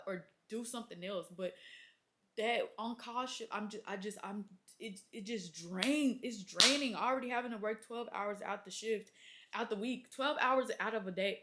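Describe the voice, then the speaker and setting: Exasperated young woman ranting to camera. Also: mid-range voice. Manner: exasperated, animated storytelling with acted-out quotes. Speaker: labor and delivery nurse, vlogger. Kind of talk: casual venting rant to camera.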